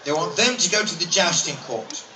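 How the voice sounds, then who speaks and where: A man's voice: high voice, animated, fairly quick, background noise. A man performing as a stage hypnotist in a live comedy show, with a playful, teasing manner, heard from the audience. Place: outdoor fair stage. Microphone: audience camera from a distance. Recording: distant echoey outdoor crowd recording. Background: loud crowd.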